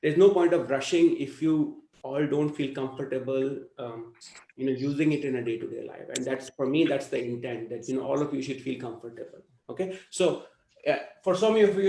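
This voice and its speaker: A man's voice: mid-range voice, fairly quick, mellow, reverberant, a little hiss or hum, low-quality recording. A man teaching a language class, explaining patiently and checking in with students often. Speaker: Hindi teacher.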